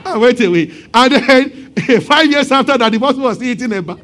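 A man's voice: extremely high pitch, a little fast, a faint crowd. A man preaching a sermon, retelling a story with acted-out voices and frequent laughter. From Nigeria. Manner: animated storytelling, acting out voices and laughing often. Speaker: pastor.

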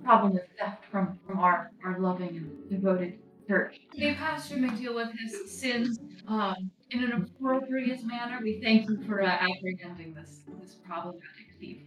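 A woman voicing a sweet, pious old lady from a church congregation, speaking slowly and primly. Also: mid-range voice, a bit bright, soft background music, lightly acted. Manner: slow, prim and churchy. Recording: roomy, a bit distant from the mic.

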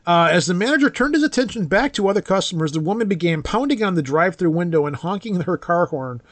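A man's voice: high-pitched, lively intonation, fast talker, no room sound. A man hosting a podcast, reading news items with dry sarcastic comments and steering the talk. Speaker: podcast host. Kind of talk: casual chat, reading news aloud.

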